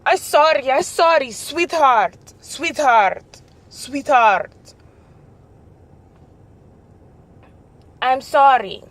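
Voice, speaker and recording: A woman's voice: medium pitch, lively intonation, measured pace. Woman doing a pleading foreign young man. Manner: repeats apologies over and over.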